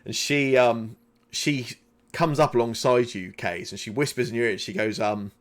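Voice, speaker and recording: A man's voice: medium pitch, steady tone, normal speed. A man narrating as game master of a tabletop game, rambling and restarting with many fillers.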